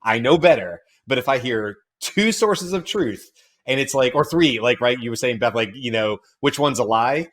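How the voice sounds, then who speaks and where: A man's voice: mid-range voice, lively intonation, moderate pace, fairly bright tone. A man hosting a casual talk show, joking at his own expense in a playful way. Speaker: host. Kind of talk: casual chat.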